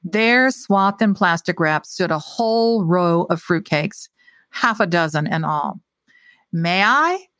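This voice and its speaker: A woman narrating a first-person mystery novel in a wry, steady storytelling manner. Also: on the low side, unhurried, dry recording. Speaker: audiobook narrator.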